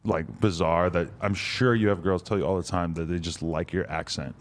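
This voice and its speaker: A man's voice: low-pitched, steady tone, moderate pace. A man hosting a casual podcast chat, laid-back and curious, asking loose, rambling questions. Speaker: podcast host.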